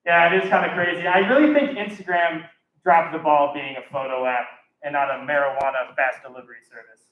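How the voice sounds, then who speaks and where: A young man hosting a comedy show, filling time between acts with quick one-liners. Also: a little high, a crowd in the background. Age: young adult. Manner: quick one-liners, loud act introductions. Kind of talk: emcee banter between acts. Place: live comedy stage. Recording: echoey muffled room recording from far off, noisy.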